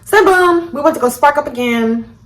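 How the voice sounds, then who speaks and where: A woman's voice: high-pitched, moderate pace. A woman vlogger telling a story casually, swearing freely and acting out each quote. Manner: animated, profane, acts out every quote. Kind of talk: storytime vlog.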